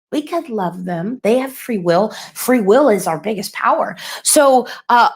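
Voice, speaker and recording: A middle-aged woman speaks on a live stream, animated and rambling, and she laughs often as she gives a spiritual message. Her voice sits a little high for a woman. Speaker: spiritual channeler and course host.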